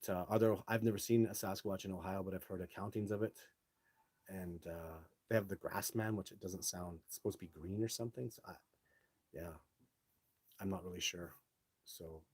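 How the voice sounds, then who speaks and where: A middle-aged man hosting a live show, telling his own stories casually and answering viewer questions in an animated way, with some swearing. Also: sits low, husky, dry recording.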